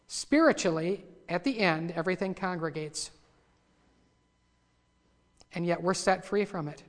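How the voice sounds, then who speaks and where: A man preaching a sermon. He builds from quiet asides to loud, fervent cries when he reads scripture. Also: high-pitched. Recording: long hall reverb.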